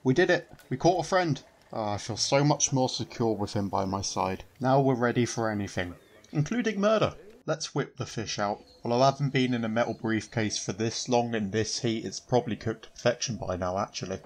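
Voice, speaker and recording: A man's voice: fairly low pitch, fairly quick. A man giving joking commentary over a video game in a dry, sarcastic manner. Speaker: gaming channel host.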